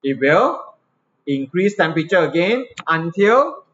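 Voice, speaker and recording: A man's voice: on the high side, very animated, a little slow, a bit bright. A male physics teacher with a Singaporean English accent, giving a classroom lesson and checking his students' understanding with frequent tag questions. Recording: slightly dull lo-fi recording, faint ambience.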